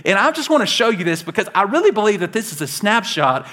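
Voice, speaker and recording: A man preaching a sermon to his church, animated and conversational, laughing along with his stories and talking straight to the congregation. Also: high voice, fast talker. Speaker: pastor.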